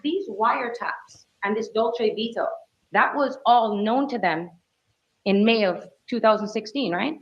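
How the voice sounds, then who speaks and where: A woman's voice: on the high side, unhurried. A woman attorney questioning a witness in court with firm, leading questions. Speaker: defense attorney. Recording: dull courtroom audio.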